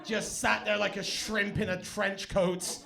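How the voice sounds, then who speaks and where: A man's voice: sits high, level tone, measured pace, creaky, a crowd in the background. A man from England with an English accent tinged with Austrian, doing a sardonic, self-mocking stand-up comedy set. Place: comedy stage before a live audience.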